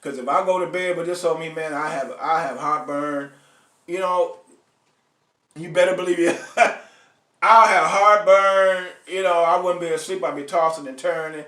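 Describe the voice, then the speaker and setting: A man's voice: on the high side, steady tone, a little fast, a bit bright, reverberant, recorded from a distance. A man hosting a live online show, ranting bluntly and profanely to his viewers and calling out to them by name. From United States. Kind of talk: ranting live stream monologue.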